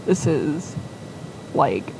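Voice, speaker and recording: A woman's voice: sits low, sing-song, very slow, vocal fry, a little mellow, slight background noise, poor audio. A woman casually telling a rambling fan story, acting out quoted lines and filling with "like". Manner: rambling, full of "like" and quoted voices.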